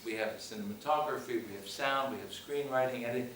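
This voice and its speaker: A man's voice: medium pitch, quick pace, fairly bright tone, a little hiss or hum. Man telling a story in an echoey hall. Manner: hesitant storytelling with many restarts. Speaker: film director and teacher. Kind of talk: public Q&A after a screening. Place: screening hall with audience. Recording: echoey hall, mic from far off.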